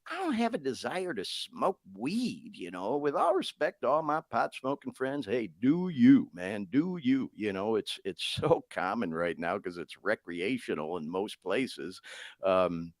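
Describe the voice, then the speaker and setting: A man's voice: lowish voice, big pitch swings, unhurried, no room sound, studio quality. Candid, profane middle-aged man hosting a podcast. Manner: candid and profane, talks straight to listeners. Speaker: podcast host. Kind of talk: casual podcast monologue.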